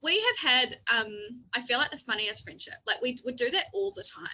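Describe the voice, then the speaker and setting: A young woman from New Zealand hosting a podcast, chatting casually, animated and swearing freely. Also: high voice, a little fast, muffled recording. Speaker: podcast host. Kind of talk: casual chat.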